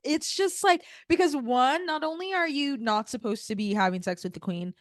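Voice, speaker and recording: A woman's voice: sits high, normal speed, no echo. Blunt young woman, dry close voice. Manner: blunt, exasperated, heavy "like" fillers. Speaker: podcast co-host. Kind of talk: casual chat recapping a TV show.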